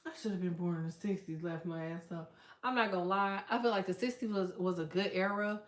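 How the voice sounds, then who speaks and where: Profane, animated woman chatting on livestream. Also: fairly low pitch, echoey room. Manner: profane, animated storytelling with quoted voices. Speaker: livestream host reading chat. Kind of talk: casual livestream chat.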